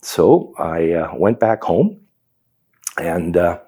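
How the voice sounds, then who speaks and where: A man's voice: low voice, very animated, slow pace, mellow, husky. A middle-aged man with a Canadian accent telling his personal testimony in a reflective storytelling manner. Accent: Canadian English. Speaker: testimony speaker.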